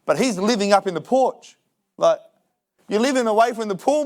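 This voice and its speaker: A man preaching in a church, his voice sitting a little high for a man. He talks in a loose, joking way and slips into mock voices to act out other people's excuses. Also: fairly quick. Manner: lively, jokey preaching with acted-out excuses. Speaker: pastor. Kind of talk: sermon. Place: church hall.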